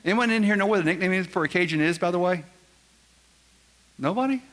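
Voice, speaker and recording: A seminar speaker with a high, slightly bright voice talks fast, quizzing his live audience with folksy humor. The recording, made in a large event room, carries a long hall reverb.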